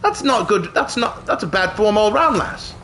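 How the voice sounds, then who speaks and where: A man's voice: high-pitched, very animated, moderate pace, a bit bright, a little hiss or hum. A man hamming up a blustering mock-British brawler. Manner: exaggerated put-on British bluster, mocking and boisterous. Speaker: gaming streamer. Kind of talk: hammy in-character gameplay commentary.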